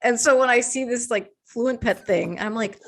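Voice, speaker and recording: A woman's voice: fairly high pitch, normal speed. A woman guest in a casual chat, talking with lots of fillers and frequent laughs.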